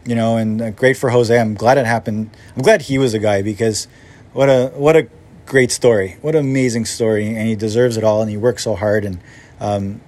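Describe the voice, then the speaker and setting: Rambling, animated male podcast host. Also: lowish voice, a little fast. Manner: rambling, self-interrupting, animated. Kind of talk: casual storytelling monologue.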